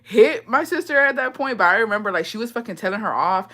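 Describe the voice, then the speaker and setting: A woman's voice: fairly high pitch, expressive, fast, a bit bright. A young woman vlogger telling embarrassing childhood confessions in casual, profane slang, often breaking into laughter.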